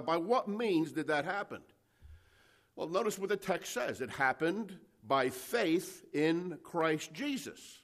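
A man preaching an expository sermon to a congregation, emphatic and full of rhetorical questions. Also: a little high. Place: church service before a congregation.

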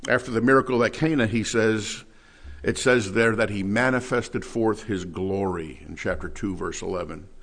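A man's voice: fairly low pitch, normal speed, fairly bright tone. A man preaching an expository Bible sermon, reading scripture aloud and asking rhetorical questions with rising emphasis.

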